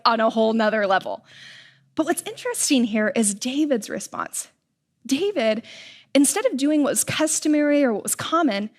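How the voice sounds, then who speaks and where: A young woman preaching a sermon, telling stories in a casual, animated way with everyday slang. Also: on the high side.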